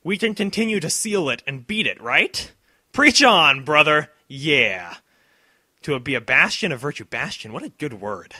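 A man giving excited commentary over a video game playthrough, cheering at the big moments and talking to the characters. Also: mid-range voice, normal speed, slightly rough, dry recording, studio quality. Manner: talks to himself and to the characters. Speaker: let's play host.

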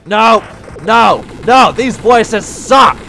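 A man's voice: sits high, lively intonation, moderate pace, vocal fry, faint music behind, exaggerated voice. A man voicing a brash male animatronic pirate fox, playing a game in pirate talk and losing his temper. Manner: pirate talk, hot-tempered, loud outbursts. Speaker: let's play gamer in character.

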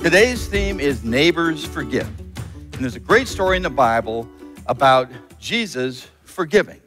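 A man, a pastor, telling a bible story to children in an animated storyteller's way. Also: fairly high pitch, moderate pace. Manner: animated storyteller, acts out characters. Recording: long hall reverb, faint music.

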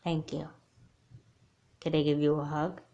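A woman voicing a remorseful adult woman kidnapper in a homemade doll movie, speaking softly and hesitantly. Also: low voice, flat delivery, a little slow, muffled recording. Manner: soft, hesitant, apologetic.

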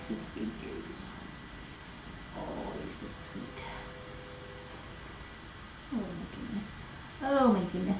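A woman caring for rescue kittens, cooing to them in soft sing-song baby talk. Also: medium pitch. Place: indoor kitten room. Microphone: room camera mic from a distance. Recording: distant echoey livestream cam audio, dull and noisy.

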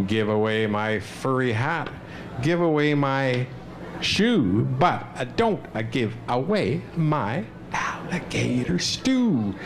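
A man's voice: medium pitch, a little hiss or hum. A man playfully reciting a children's poem and leading a group through it in turn. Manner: animated, leads a group chant with whispers and loud lines.

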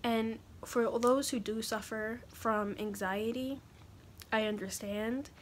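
A young woman talking haltingly in a personal confessional vlog, pausing often to collect her thoughts. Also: a little high, fairly even intonation, a little hiss or hum. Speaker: vlogger.

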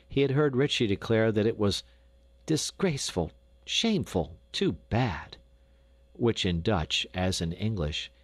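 A man narrates a classic storybook in a low, expressive voice. He is recorded close on a studio mic, and the sound is dry and intimate with no room echo. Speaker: audiobook narrator.

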